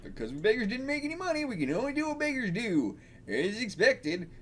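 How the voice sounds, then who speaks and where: A man voicing a scruffy young beggar boy with a high, rough backwoods drawl. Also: huge pitch swings, a little fast, darkish tone, slight background noise, full character voice. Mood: resigned.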